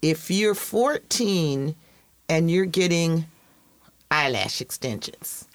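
Unhurried, teasing middle-aged woman co-host who laughs easily. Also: deep voice, expressive, no room sound. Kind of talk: casual chat.

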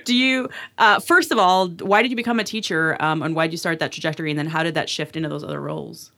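A woman's voice: sits low, quick pace, creaky, bright, forceful tone. A woman hosting a casual interview, asking chatty questions and laughing easily. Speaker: podcast host and interviewer.

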